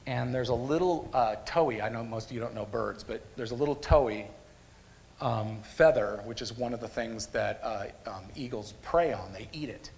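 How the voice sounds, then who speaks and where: A man preaching a sermon at a church service, a lively storyteller who repeats phrases for emphasis. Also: medium pitch, moderate pace, creaky. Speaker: pastor.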